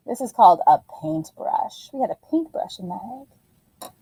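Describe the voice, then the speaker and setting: A woman teacher giving a phonics lesson to young children in an animated, sing-song voice. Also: fairly low pitch, moderate pace, slightly rough, dry recording, poor audio.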